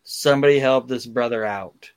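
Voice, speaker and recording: Speaking at a normal speed, this male podcast host has a medium voice recorded with a clean tone and no echo. His casual, excited storytelling is heavy on profanity and full of acted-out quotes.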